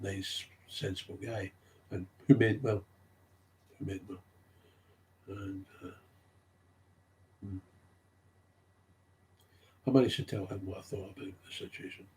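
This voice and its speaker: Over slight background noise, a low, somewhat mellow male voice speaks off the cuff. He relates stories from recovery work, getting heated and circling back to the same key phrases for emphasis.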